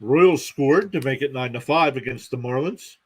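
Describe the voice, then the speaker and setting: A young man hosts a live stream as a sports commentator, calling baseball play-by-play with reactions, reading out scores and thanking viewers. He speaks at normal speed in a medium-pitched, slightly rough voice.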